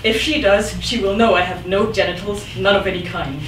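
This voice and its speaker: A woman poet reads her work live in an event room, with a rhythmic, dramatic delivery punctuated by sudden outbursts. Her mid-range voice has fairly even intonation and moves a little fast. The room is echoey, the mic is distant, and the background is noisy.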